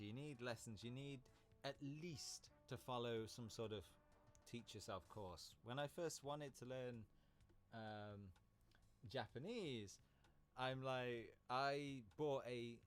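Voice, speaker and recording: Chatty man streaming a game. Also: mid-range voice. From Britain. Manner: rambling, chatty, laughs easily. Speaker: live streamer. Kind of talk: casual game stream chat.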